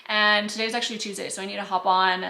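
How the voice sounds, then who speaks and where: A woman's voice: medium pitch, little pitch movement, fast, sharp tone. Chatty woman vlogging at home. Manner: chatty, frequent "like" fillers, breaks off to talk to her dog. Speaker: lifestyle vlogger. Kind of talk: casual vlog talk to camera. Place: at home, indoors.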